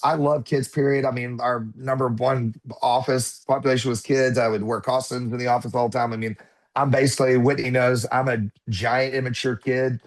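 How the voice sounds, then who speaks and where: A man in his thirties, a podcast guest, telling a personal story in conversation and acting out what his children said. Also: mid-range voice. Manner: animated, acts out quotes of his children.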